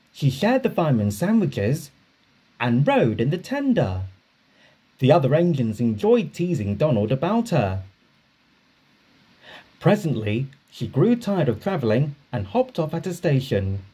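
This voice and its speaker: A man narrating a children's storybook, reading aloud slowly and expressively. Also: medium pitch, slightly rough. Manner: slow, expressive read-aloud.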